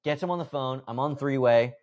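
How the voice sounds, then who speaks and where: A man's voice: medium pitch, brisk, darkish tone, highs cut off. A man in his thirties, a podcast guest, telling a story casually and animatedly, acting out conversations and swearing freely. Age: 30s.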